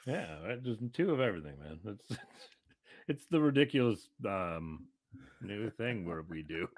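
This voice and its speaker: Rambling, animated podcast host. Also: male voice, lowish voice, a little slow. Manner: rambling and jokey, acts out voices in anecdotes. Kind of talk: casual chat.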